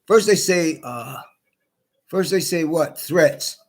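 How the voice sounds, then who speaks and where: A middle-aged man ranting in a rambling monologue, swearing often, stammering and repeating himself, swinging between loud outbursts and tired mutters. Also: on the high side, animated, slow pace. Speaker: vlogger.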